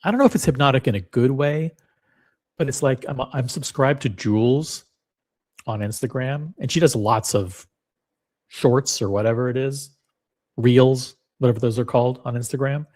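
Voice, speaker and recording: A man's voice: medium pitch, moderate pace, a little mellow. A man hosting a live reaction stream, chatting in a rambling, self-deprecating way. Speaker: livestream host.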